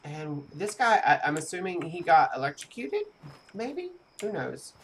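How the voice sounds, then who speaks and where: A streamer giving live gameplay commentary in a chatty way, speaking straight to viewers and reacting with animated outbursts. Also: mid-range voice, a little slow, a little hiss or hum. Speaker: game streamer.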